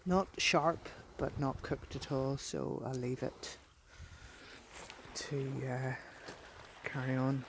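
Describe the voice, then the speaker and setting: A woman narrating as she beachcombs outdoors, soft-spoken and given to delighted exclamations, sometimes dropping to a near whisper. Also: a bass voice, takes it slowly, a little hiss or hum. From Northern Ireland. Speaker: beachcombing vlogger. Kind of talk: casual narration while walking.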